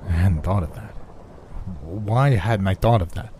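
A man reading a horror story aloud in the first person, in a hushed, anxious telling. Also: low voice, a little slow, noisy background. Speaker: narrator. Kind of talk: scripted horror story narration.

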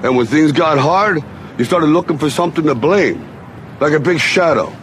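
A man's voice: fairly high pitch, lively intonation, normal speed, a little hiss or hum, lightly acted. An actor playing an aging tough boxer who bluntly lectures his grown son in film dialogue. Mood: stern. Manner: stern, blunt, rising to urgency.

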